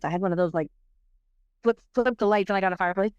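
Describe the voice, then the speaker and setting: A middle-aged woman, a podcast guest, telling a personal story in an animated, rambling way, full of restarts and fillers. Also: mid-range voice, fast, smooth, dry recording, muffled recording.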